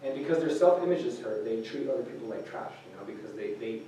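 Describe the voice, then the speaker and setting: A man's voice: mid-range voice, animated, quick pace, dark tone, slight background noise. Man preaching informally in an echoey hall. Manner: conversational, many fillers and restarts. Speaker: youth speaker. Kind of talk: informal sermon to a group. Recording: echoey room recorded from a distance.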